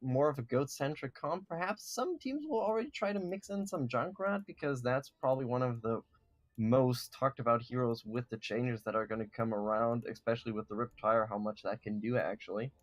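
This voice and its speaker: A man casting an esports match, giving measured, analytical play-by-play and breaking down team compositions. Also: medium pitch, expressive, no echo. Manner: measured analytical commentary with some fillers. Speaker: esports caster.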